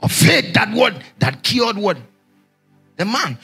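A male pastor with a high, bright, raspy and gravelly voice preaches slowly in a sing-song, call-and-response manner, shouting questions to the congregation as his pitch leaps up and down. Faint music plays in the background.

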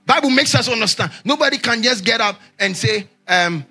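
Faint music underlies an animated sermon from a male pastor whose high, bright voice is rough and gravelly. At a normal speed he preaches in a sing-song, call-and-response style, his pitch jumping around as he shouts questions at the church.

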